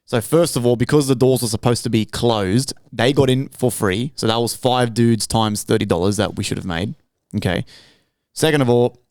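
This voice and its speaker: A man hosts a casual podcast, telling stories bluntly and swearing freely. His voice is smooth and mid-pitched. The recording is dry and close. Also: a little mellow, dry recording. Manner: blunt, profane storytelling. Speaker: podcast host.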